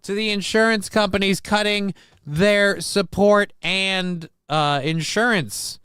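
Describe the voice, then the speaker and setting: A man hosts his own podcast and rants in anger, heavy with sarcasm and swearing. His voice sits high for a man and comes through clear and crisp. The room sounds dead dry, with no echo. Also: steady tone, slow pace, bright, forceful tone. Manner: angry, profane, sarcastic ranting. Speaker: podcast host. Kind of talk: heated political rant.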